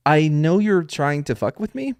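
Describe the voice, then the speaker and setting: A man's voice: a little high, expressive, moderate pace, darkish tone, dry recording. A young man hosting a podcast in a rambling, joking casual chat, laughing often. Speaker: podcast host.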